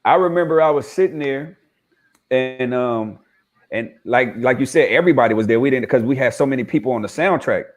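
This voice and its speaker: Male guest, mid pitch, relaxed reminiscing on a video call. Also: fairly quick. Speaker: guest actor. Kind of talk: casual storytelling on a video call.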